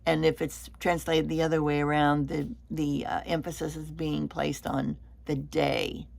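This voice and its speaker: A woman leading a Bible study lesson, explaining slowly and deliberately and sometimes repeating a word as she goes. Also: low-pitched, level tone, vocal fry, darkish tone, slight background noise.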